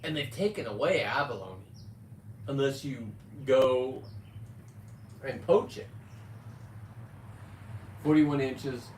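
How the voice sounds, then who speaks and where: A man in his fifties talking casually on a live stream, rambling with loud outbursts and frequent swearing. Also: mid-range voice, takes it slowly, long pauses, slight background noise. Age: 50s. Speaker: livestreamer reading viewer comments. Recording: echoey, distant from the mic.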